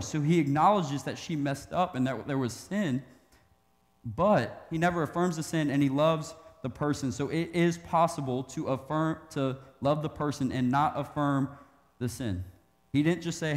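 Young male youth pastor, casual animated sermon, slightly high voice, long hall reverb. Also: moderate pace. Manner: casual, animated preaching with acted-out quotes.

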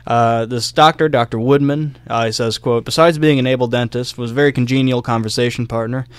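A young man tells a history story on a casual podcast, full of fillers and easy laughs. His voice is smooth and resonant, recorded close with a dry sound. He speaks at a middling pitch. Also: fairly even intonation, a little fast, dry recording. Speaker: podcast co-host.

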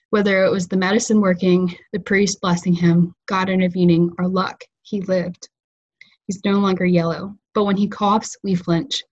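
A woman fiction writer reading her own story aloud in a calm, measured way over a video call. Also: fairly low pitch, muffled recording. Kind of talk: literary reading.

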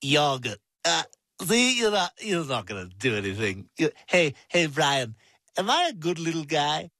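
A man's voice: on the high side, very animated, normal speed, sharp tone, no echo, exaggerated voice. A man voicing a pompous, bossy infant boy who is tipsy and giggly.

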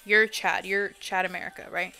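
Her delivery is flat and moderately paced, though her mid-range voice sounds pushed and bright. A young adult woman, she chats casually with viewers as she plays on a gaming live stream, swearing freely and blurting out exclamations, with faint music behind.

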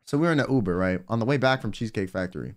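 A young man livestreaming as a vtuber, telling stories in a casual, animated way with plenty of swearing and filler words. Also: on the low side, rapid-fire. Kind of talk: casual storytelling on stream.

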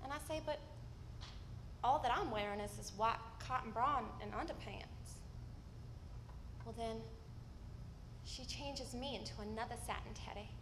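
A woman acting a stage monologue as a candid, wry woman recalling her teenage self, telling the story with vivid swings from hushed to loud. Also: fairly high pitch, unhurried, pauses often, noisy background, close to an everyday voice. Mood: hushed tender. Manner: storytelling with vivid shifts in loudness. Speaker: stage actor. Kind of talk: live theatrical monologue. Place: theater stage.

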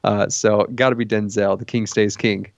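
A man co-hosting a movie podcast, reviewing films in an animated, casual way with lots of restarts and laughs. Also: on the low side, normal speed, vocal fry, dry recording, highs cut off. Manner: animated, stumbling restarts, laughs while talking. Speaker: podcast co-host.

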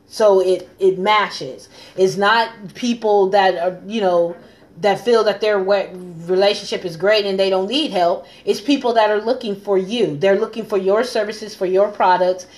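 A woman's voice: medium pitch, unhurried. A woman hosting a live stream as a coach and pastor, talking earnestly and repeating phrases for emphasis. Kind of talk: casual live-stream talk.

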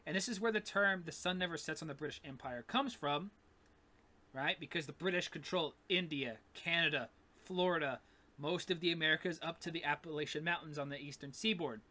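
A man's voice: fairly high pitch, a little fast, pushed and bright. A man teaching a recorded history lesson in a casual, rambling way, full of fillers and "right?" checks. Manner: casual, repetitive, with many fillers and "gonna", "right?".

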